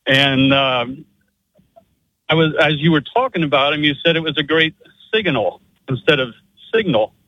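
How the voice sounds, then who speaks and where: A man's voice: fairly high pitch, steady tone, moderate pace, pauses often, no echo, dull audio. A man calling a radio show, friendly and teasing, with a slight Pennsylvania accent. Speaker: caller.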